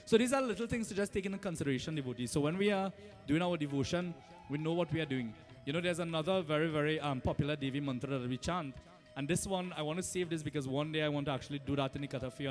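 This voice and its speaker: A Trinidadian man, a Hindu pundit, giving a sermon in a temple and teaching in a chatty way, often asking "right?" and laughing. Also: a little high. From Trinidad and Tobago. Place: temple hall.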